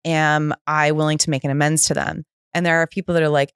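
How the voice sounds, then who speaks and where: Low-voiced woman telling her story animatedly. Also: fast, smooth, no echo, clean studio sound. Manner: animated, acts out quoted voices with pitch jumps. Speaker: podcast guest. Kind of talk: candid personal storytelling.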